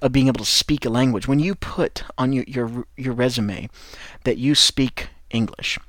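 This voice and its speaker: A man's voice: medium pitch, moderate pace, a bit bright, no room sound, studio quality. An American man with a Midwestern accent giving an encouraging, rambling podcast lesson to French learners of English. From United States. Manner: encouraging, rambling, with frequent restarts. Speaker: English teacher and podcast host.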